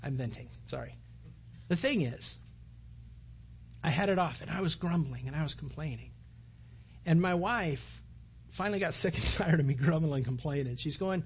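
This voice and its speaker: A middle-aged man preaching a sermon as pastor, telling a personal story in a conversational, animated way. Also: on the high side, moderate pace, husky.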